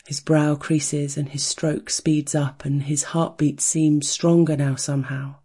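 Soft breathy storyteller, slow and flat, murmurs a rhythmic beat. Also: mid-range voice. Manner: soft, hushed, rhythmic, chanting a steady heartbeat beat. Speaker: narrator. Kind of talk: slow erotic story narration.

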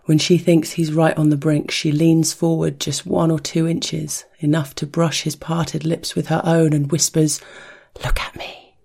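A storyteller giving an intimate audio story narration in a soft, hushed voice that slips into whispers, softly chanting a rhythmic heartbeat sound. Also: mid-range voice, slightly rough.

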